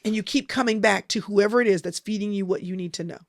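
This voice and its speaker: A woman's voice: mid-range voice, fast, no echo, studio quality. A woman giving a motivational Christian sermon in an emphatic, repetitive preaching cadence. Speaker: Christian speaker.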